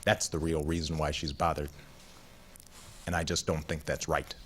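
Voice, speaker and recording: A man voicing a proud old grandfather, gruff and defensive, grumbling with a raised, strained voice. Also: very deep voice, level tone, normal speed, fairly bright tone, slight background noise, voice pushed down. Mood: shaken. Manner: agitated, grumbling.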